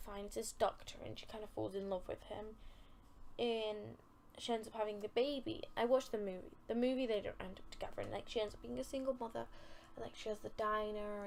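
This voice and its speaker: A woman's voice: mid-range voice, creaky, a little mellow, a little hiss or hum. A young woman hosting a casual podcast, chatting and rambling with lots of filler words and giggles. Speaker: podcast host.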